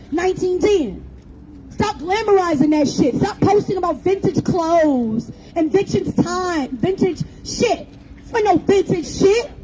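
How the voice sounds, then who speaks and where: High, mellow-voiced woman giving a blunt rally speech. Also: a little hiss or hum, rough recording. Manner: blunt, profane and mocking, with jokes. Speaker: rally speaker. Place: outdoor public rally in a city square.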